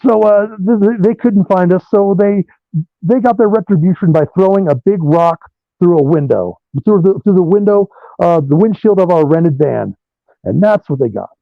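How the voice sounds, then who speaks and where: A man, a rock guitarist being interviewed over a remote call, telling animated stories and swearing freely. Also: sits high, normal speed, creaky, no echo. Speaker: guitarist guest. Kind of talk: profane storytelling interview. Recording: dull lo-fi dry sound.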